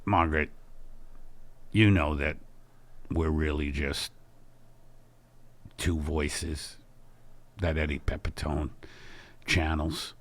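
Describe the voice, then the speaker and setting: A man's voice: a little slow, fairly bright tone. A man voicing a pompous older husband who lectures his wife, in an improvised comedy sketch. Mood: solemn. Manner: low, droning, lecturing.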